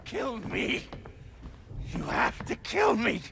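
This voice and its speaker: A high, gravelly voice drags out each slow word as a broken captive begs for death. The tone is weak and desperate. It is a horror game character. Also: male voice, huge pitch swings, background noise, full character voice. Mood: pleading. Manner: pleading, desperate. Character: tortured man strapped down, begging to die.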